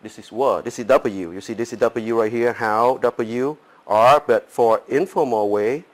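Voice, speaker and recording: A man's voice: mid-range voice, a little slow. A man teaching English phrases, leaning hard on stressed words. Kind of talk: pronunciation lesson.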